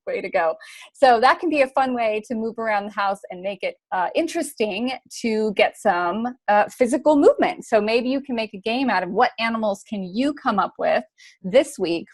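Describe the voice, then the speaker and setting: A woman's voice: mid-range voice, no room sound. A woman hosting a live online family show, upbeat and encouraging, with frequent "uh" fillers. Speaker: host.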